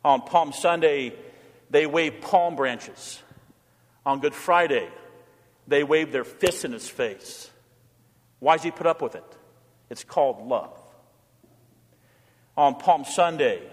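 A man's voice: fairly high pitch, takes it slowly, long pauses, in a large hall. A male pastor preaching a sermon in a church, building his points through repeated rhetorical questions and leading the congregation in call-and-response.

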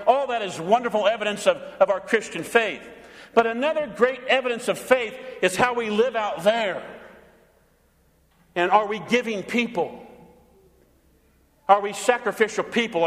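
A man's voice: sits high, fairly bright tone, in a large hall. A man preaching a sermon as pastor, dramatic, with rhetorical questions and acted-out voices.

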